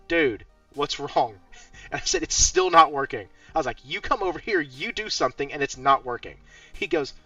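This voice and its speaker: Male host, lively and laughing, a bit high, dull distant mic with music behind. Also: creaky, dry recording. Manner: laughs often, swears casually while telling stories. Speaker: podcast host. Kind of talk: casual chat.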